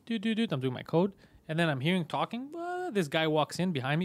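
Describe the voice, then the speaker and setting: A man hosting a comedy podcast, telling stories in a fast, profane, animated way. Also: fairly high pitch, no room sound. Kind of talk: casual storytelling chat.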